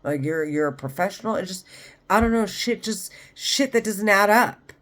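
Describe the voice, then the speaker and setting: A woman's voice: medium pitch, expressive, normal speed, a bit bright. A woman talking straight to camera in a rambling, agitated monologue, swearing often. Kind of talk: monologue vlog.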